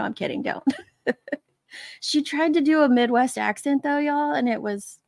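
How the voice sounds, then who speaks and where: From her basement man cave, a woman hosts a casual live stream, chatting away, laughing often and greeting viewers by their chat names. Her voice is medium-pitched and gravelly, captured as a dry, studio-quality recording.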